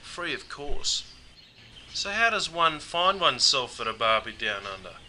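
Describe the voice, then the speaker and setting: Bright-voiced Australian man saying "mate". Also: fairly high pitch, sing-song, measured pace, slight background noise. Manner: laid-back, peppers speech with "mate". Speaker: presenter teaching slang. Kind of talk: humorous scripted lesson narration.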